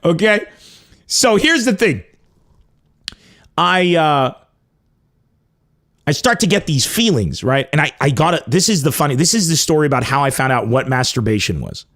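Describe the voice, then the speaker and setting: A man from Lebanon telling a crude comic story with animated, profane emphasis. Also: on the high side, normal speed, long pauses. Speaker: comedian host. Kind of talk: comedic storytelling.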